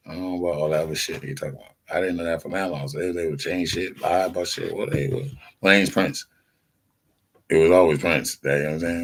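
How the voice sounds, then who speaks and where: A man in his forties spins a loose, profane story from his own life, drifting from point to point. His voice sits deep and gravelly, with a husky edge. He slips into other people's lines as he goes. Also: steady tone, quick pace. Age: 40s. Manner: profane, digressive, streetwise, acts out others' lines. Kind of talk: rambling personal storytelling.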